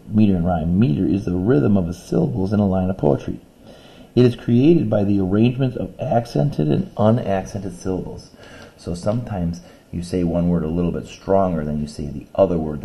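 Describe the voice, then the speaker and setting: Gravelly, dark-voiced male teacher. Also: deep voice. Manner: patient, explains step by step, reads poem lines aloud slowly. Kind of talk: recorded classroom lesson video.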